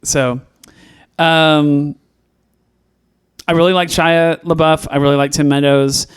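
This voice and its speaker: Rambling man on a podcast, higher voice. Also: steady tone, slow pace, smooth. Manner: rambling, lots of restarts and fillers, laughs easily. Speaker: podcast co-host. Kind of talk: casual podcast review chat.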